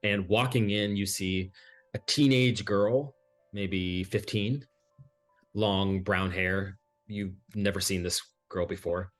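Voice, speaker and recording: Low-voiced man running a tabletop game. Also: fairly even intonation, takes it slowly. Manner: descriptive, filler-laden storytelling. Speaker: game master. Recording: faint music behind.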